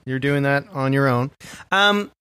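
A man's voice: mid-range voice, measured pace, clean tone, dry recording. A man hosting a comedy podcast, chatting casually and joking with his co-host and guest, swearing freely. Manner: jokey, animated, swears freely.

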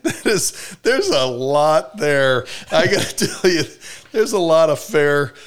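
A man co-hosting a podcast, telling stories in an animated way and cursing when irritated. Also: a little high, slow, clear, resonant tone. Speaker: podcast co-host. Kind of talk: casual podcast banter.

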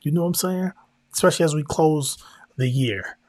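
Guy, husky, chatting about family and prayer, dry close sound. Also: a little high, normal speed, a little mellow, no echo. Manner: conversational, slangy, repeats himself, sometimes drops into prayer. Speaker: podcast host. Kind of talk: casual faith-based family talk.

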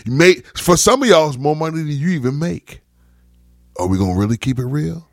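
A man's voice: a little high, lively intonation, a little fast, no room sound, studio quality. A man on a casual podcast panel, ranting heatedly and emphatically, with frequent cursing.

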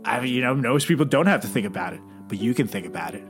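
A man's voice: mid-range voice, animated, quick pace, soft background music. A man co-hosting a comedy podcast, teasing his partner in a sarcastic, mock-formal way. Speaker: podcast co-host. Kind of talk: casual comedic chat.

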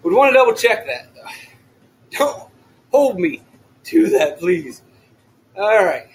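A man hosting a fantasy sports podcast alone, loud and excitable, often shouting. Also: high-pitched, takes it slowly, poor audio. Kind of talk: solo podcast talk.

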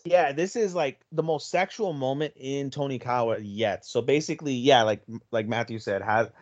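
A man chatting on a casual anime podcast, recapping scenes with loose, profane enthusiasm. His voice sits mid-pitch and sounds close and dry. The sound is a little muffled, like a basic home mic. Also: normal speed, no room sound. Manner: energetic retelling, swears freely, slips into Japanese phrases. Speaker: podcast co-host.

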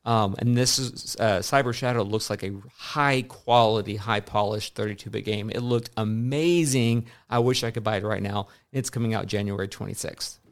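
A man's voice: on the low side, normal speed, few pauses. A man co-hosting a casual chat about video games, rambling and stumbling over his words with many fillers. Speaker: podcast co-host.

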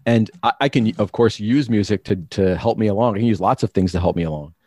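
A middle-aged man with a fairly low voice talks through his thinking, often restarting his sentences as he works toward a point. The recording is close and dry, with no room sound. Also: fast, warm tone, breathy edge, dry recording. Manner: reflective, explanatory, frequent restarts. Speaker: guest. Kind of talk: conversational interview.

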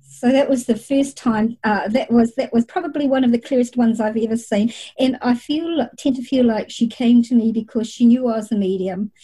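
A woman's voice: fairly high pitch, normal speed, hardly any pauses, warm tone, slightly rough, poor audio. A middle-aged woman working as a psychic medium, telling her experiences at length in a reflective interview. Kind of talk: conversational interview storytelling.

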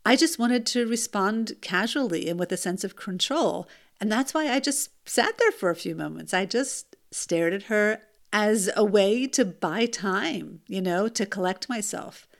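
A woman, a mother, telling a first-person story in an animated, emphatic way, with rhetorical asides to the listener. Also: mid-range voice, unhurried, vocal fry.

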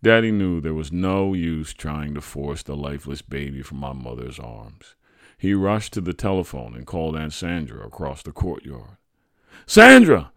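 A man hosting a podcast, reading a true family story aloud in an expressive, animated way. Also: a bass voice, normal speed, no echo, studio quality. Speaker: podcast host and narrator.

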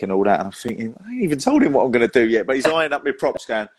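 A man's voice: medium pitch, huge pitch swings, racing. A man hosting a podcast, telling stories in a chatty way and laughing often. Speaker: podcast host. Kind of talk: casual chat.

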